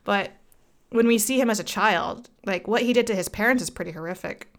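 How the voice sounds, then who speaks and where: A woman's voice: medium pitch, a little fast. A woman co-hosting a casual anime podcast, chatty with many fillers and frequent laughs. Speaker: podcast co-host. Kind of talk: casual chat about anime.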